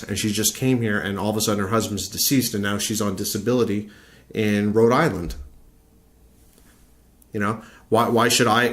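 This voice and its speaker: A man's voice: fairly low pitch, a bit bright. A man from Canada delivering an opinionated video rant as a vlogger, blunt, profane and argumentative, often repeating his points.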